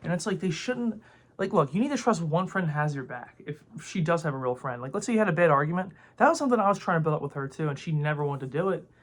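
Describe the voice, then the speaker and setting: A man's voice: on the high side, expressive, fast talker. A young man ranting to camera in a rambling, heated way, full of filler words and swearing. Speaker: vlogger. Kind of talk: casual opinion rant to camera.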